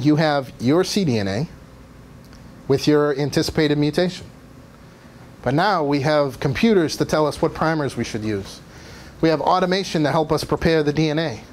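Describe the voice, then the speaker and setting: A man giving a university guest lecture, explaining methods step by step and now and then asking the audience questions. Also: on the high side. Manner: explanatory, asks audience questions, some fillers. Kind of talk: academic lecture. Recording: faint background noise.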